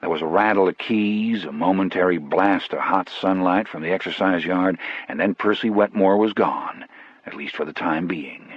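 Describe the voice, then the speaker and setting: A man narrating an audiobook in a measured, grave first-person storytelling style. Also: sits low, husky, no echo, lo-fi sound.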